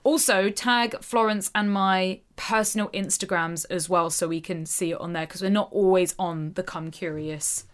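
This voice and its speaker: Excitable woman co-host. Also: lowish voice, moderate pace, hardly any pauses. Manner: excitable, swears a lot, bursts of laughter. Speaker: podcast co-host. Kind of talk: casual chat.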